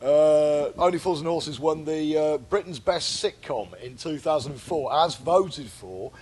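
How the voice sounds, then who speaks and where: A man's voice: on the high side, measured pace, a little mellow, a little hiss or hum. A man co-hosting a comedy podcast, chatting casually with playful, crude asides. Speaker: podcast co-host.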